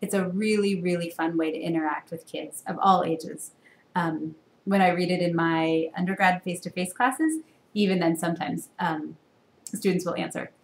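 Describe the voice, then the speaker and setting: A woman's voice: lowish voice, steady tone, normal speed. A woman university instructor giving a recorded lecture in a conversational way, with frequent fillers. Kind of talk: recorded lecture with read-aloud. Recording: echoey room.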